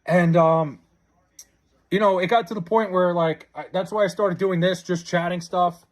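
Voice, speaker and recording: A young man live-streaming, chatting casually and reading out viewer comments, excitable and stammering with frequent restarts. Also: sits high, moderate pace.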